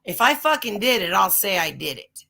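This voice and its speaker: Woman streamer, casual chat, gravelly voice, bright tone, swears a lot, rambling. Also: medium pitch, very animated, moderate pace. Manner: profane, rambling storytelling. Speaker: livestream host.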